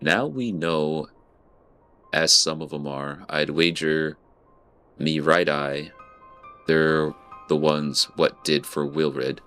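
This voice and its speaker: A man voicing a gruff female sea captain in a rough pirate-style brogue, reading game dialogue aloud. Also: extremely low pitch, fairly even intonation, normal speed, a bit bright, faint music behind. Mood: grim.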